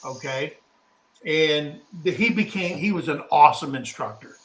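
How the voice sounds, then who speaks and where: Speaking at a normal speed in a slightly high voice, this middle-aged co-host of a casual live talk show wanders through a story and performs the quotes of the people involved. It's easygoing storytelling chat, recorded in an echoey room.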